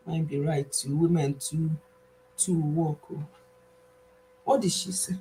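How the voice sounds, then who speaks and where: Deep-voiced and slow, with long pauses, this Nigerian-accented woman, an Igbo first-language speaker from Nigeria, runs a relaxed health live stream. Her storytelling is animated, full of laughter and Igbo words, over slight background noise and poor audio.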